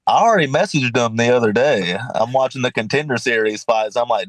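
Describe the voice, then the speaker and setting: Male fighter with a Louisiana Southern accent, mid-pitched, dry close sound, confident and easygoing. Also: animated, a little fast, few pauses, dry recording. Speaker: fighter, interview guest. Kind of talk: casual interview answers.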